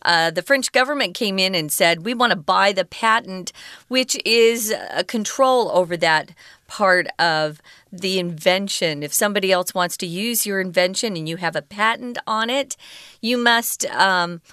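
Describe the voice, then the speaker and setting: Smooth-voiced woman teaching English. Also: mid-range voice, moderate pace, sharp tone, no echo, studio quality. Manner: explains word usage patiently with fillers. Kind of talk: conversational language lesson.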